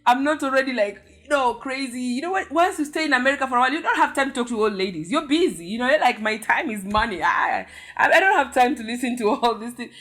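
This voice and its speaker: A young woman from Africa telling a story casually, animated and acting out sounds with her mouth. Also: sits high, fast, few pauses. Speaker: vlogger.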